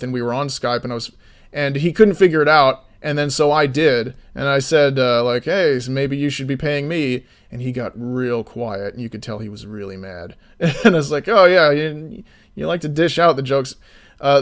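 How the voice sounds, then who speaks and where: A man streaming as an indie game developer, ranting with free swearing and then explaining things in casual chat. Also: mid-range voice. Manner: swears freely, animated ranting storyteller; slides into explanatory commentary.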